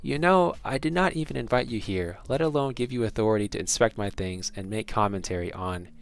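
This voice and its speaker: A man voicing a wary, stern young female wizard in a read-aloud fantasy adventure, lifting his pitch for her. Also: fairly quick, creaky, smooth. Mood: indignant.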